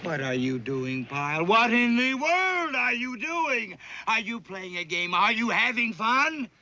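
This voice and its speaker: An actor playing a stern, sarcastic Marine drill sergeant who barks orders and counts cadence, in a 1960s sitcom. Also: male voice, high voice, big pitch swings, unhurried, bright, forceful tone, slight background noise, heavily acted. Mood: exasperated. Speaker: drill instructor. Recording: dull old TV soundtrack.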